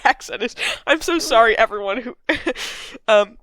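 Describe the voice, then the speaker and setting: A woman's voice: on the high side, normal speed, fairly bright tone, dry recording. A woman hosting a casual game discussion podcast, rambling with lots of fillers and casual swearing. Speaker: podcast host. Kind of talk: casual chat.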